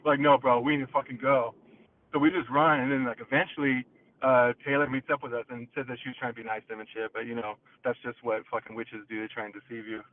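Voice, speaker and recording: A man calling in from his car, telling a story in an excitable, profane way over the phone. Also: medium pitch, quick pace. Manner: profane, excitable, acts out quotes. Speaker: caller. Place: in a car, driving. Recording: tinny phone line.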